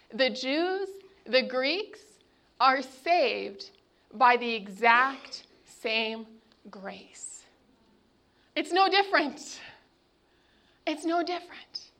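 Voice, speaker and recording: A woman preaching a sermon, with dramatic pauses as she retells a scripture story. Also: high-pitched, sharp tone.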